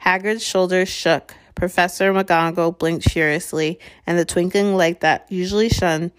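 Low-voiced woman reading a story. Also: fairly even intonation, normal speed. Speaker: audiobook reader. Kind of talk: storybook narration.

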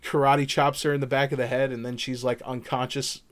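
A man's voice: mid-range voice, flat delivery. Rambling man recapping a game. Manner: rambling, many fillers, quotes characters in quick voices. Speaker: podcast co-host. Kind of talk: casual chat recapping a game.

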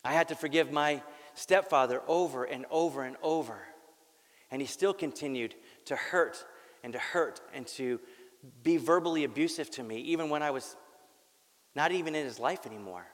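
Earnest pastor preaching in a reverberant hall. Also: male voice, on the high side, normal speed. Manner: earnest, candid, wry jokes, repeats words. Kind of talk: sermon with personal story. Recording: long reverb of a large hall.

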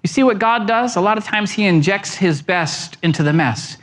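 Male pastor, lively sermon delivery, big pitch swings, emphatic rhetorical questions. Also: moderate pace.

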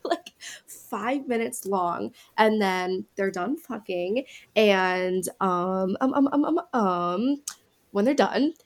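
A woman's voice: medium pitch, takes it slowly. A young woman casually recapping a movie on a podcast, rambling, swearing and acting out the characters' lines. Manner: rambling, heavy on "like" and swearing, acts out quotes. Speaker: podcast co-host.

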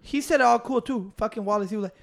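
A man's voice: very high-pitched, quick pace, gravelly, a crowd in the background. A man co-hosting a podcast, ranting heatedly and swearing often. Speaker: podcast co-host. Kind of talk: casual profane chat.

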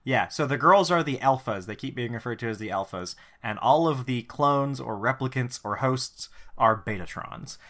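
Bright-voiced wry man co-hosting a podcast. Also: mid-range voice, normal speed, hardly any pauses. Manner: wry, sardonic, swears freely. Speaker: podcast co-host. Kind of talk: casual episode recap chat.

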